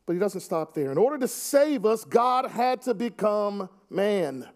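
A man's voice: high-pitched, very animated, a little slow. A man preaching a sermon to his congregation, earnest with wry asides. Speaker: pastor.

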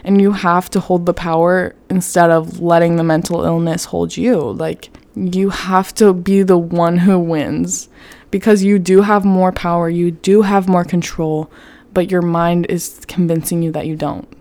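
A woman's voice: on the low side, level tone, measured pace, dark tone. A young woman hosting a casual self-help podcast, talking candidly, swearing freely and peppering her speech with "like". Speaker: podcast host.

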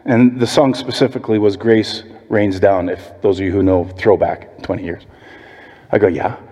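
A man's voice: fairly low pitch, fairly even intonation, moderate pace, dark tone, muffled recording. A man preaching a sermon as pastor, telling stories and acting out quoted voices. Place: church sanctuary. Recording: long hall reverb.

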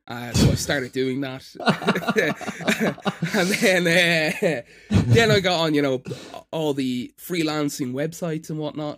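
A chatty Irish man in his thirties with a fairly high voice. He talks casually and pokes fun at himself, laughing often, recorded close on a dry, dead mic. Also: a bit bright, no room sound. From Ireland. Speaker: podcast guest, voiceover freelancer. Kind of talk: casual podcast chat.

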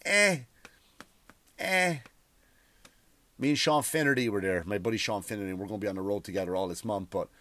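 A man's voice: mid-range voice, no echo. A man who is a comedian, talking in a profane, rambling podcast monologue and acting out other people's voices.

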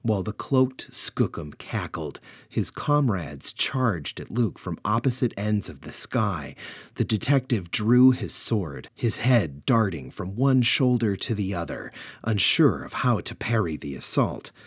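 Slow husky low-voiced male storyteller. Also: no room sound, clean studio sound. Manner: animated, dramatic. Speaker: narrator. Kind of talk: dramatic storybook narration.

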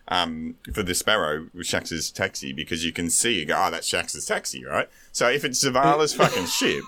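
Low-voiced crude man chatting. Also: expressive, moderate pace, bright, forceful tone. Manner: crude, laughing, swears freely. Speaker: podcast co-host. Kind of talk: casual gaming chat.

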